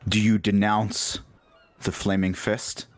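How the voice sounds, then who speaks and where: A stern young woman leader, as a man puts her on, gives short, solemn orders in a tabletop game. The voice sits low and unhurried. The sound is dry and close. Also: little pitch movement, no echo. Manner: terse, solemn commands.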